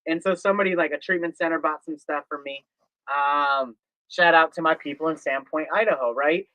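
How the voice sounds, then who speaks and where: A man's voice: a little high, a little fast, dry recording, highs cut off. A man chatting casually on a stream, telling stories with animation and acting out his phone calls. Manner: animated storyteller, acts out phone calls, laughs easily. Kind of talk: casual chat.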